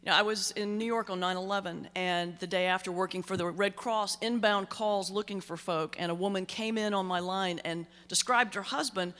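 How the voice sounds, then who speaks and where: In a large banquet hall, a middle-aged woman minister delivers a humorous keynote, telling stories conversationally with comic timing. Her voice is medium-pitched, steady and a bit bright, moving at a moderate pace with few pauses, and the sound reverberates through the hall.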